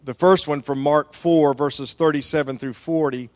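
High-voiced pastor preaching in a reverberant hall. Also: male voice, steady tone, normal speed, a little mellow. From American South. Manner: storytelling with folksy asides. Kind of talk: sermon. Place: church sanctuary. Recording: long church hall reverb.

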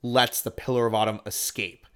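A man's voice: lowish voice, fairly even intonation, normal speed, a bit bright. A man co-hosting a podcast, talking in a casual chat style, rambling with lots of fillers and restarts. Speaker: podcast co-host.

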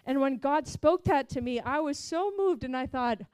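A woman's voice: high-pitched, animated, normal speed, a little mellow, no echo. A woman preaching as she tells a personal mission testimony, earnest and heartfelt.

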